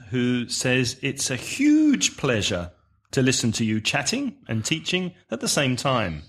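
A man's voice: mid-range voice, huge pitch swings, measured pace, a bit bright, husky, soft background music. A man co-hosting a teaching podcast, reading listener questions and carefully explaining word stress and syllables. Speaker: podcast co-host, English teacher.

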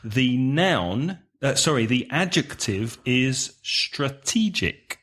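A man speaking at an unhurried, measured pace as he teaches on a podcast. He talks carefully, breaking words into syllables and pointing out the stress, like a patient English teacher reading out listener questions. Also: medium pitch, big pitch swings, fairly bright tone.

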